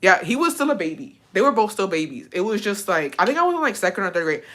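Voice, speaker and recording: A woman's voice: mid-range voice, big pitch swings, fast talker, a bit bright. A young woman casually telling a personal story, swearing often and getting emotional. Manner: profane, emotional, tearful at times. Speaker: vlogger.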